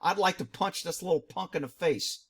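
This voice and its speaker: A man's voice: high voice, moderate pace, background noise. A middle-aged man, a former police dog handler, giving blunt, indignant commentary on a video.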